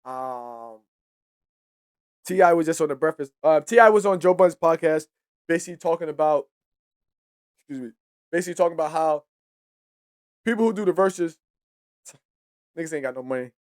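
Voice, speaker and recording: A man's voice: on the high side, moderate pace, long pauses, clean tone. A man hosting a hip-hop podcast who talks casually and profanely, gives heated opinions and often trails off and restarts his sentences. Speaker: podcast host.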